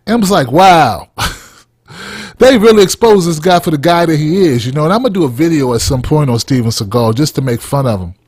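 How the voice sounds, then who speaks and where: A man's voice: fairly high pitch, no room sound, studio quality. Fired-up man ranting with heavy cursing. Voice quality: blunt, heated, heavy cursing. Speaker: podcast host. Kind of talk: profane opinion rant.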